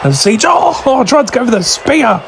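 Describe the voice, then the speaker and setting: A man giving excited play-by-play wrestling commentary, shouting through near falls, his voice going hoarse from screaming. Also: very high-pitched, moderate pace, music in the background, crowd noise. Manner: shouting near counts, voice straining.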